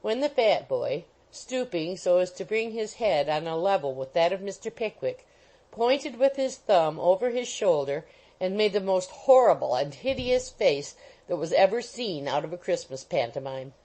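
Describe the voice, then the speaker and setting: A woman's voice: lowish voice, very animated, normal speed, warm tone, poor audio. Woman reading a classic novel aloud. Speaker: audiobook narrator. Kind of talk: scripted narration of a classic novel.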